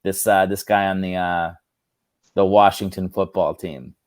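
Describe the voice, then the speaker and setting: A man's voice: low-pitched, steady tone, unhurried, no room sound, studio quality. Brash, crude-joking comedian man. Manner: brash, crude, riffing jokes. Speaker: comedian guest. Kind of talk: casual podcast banter.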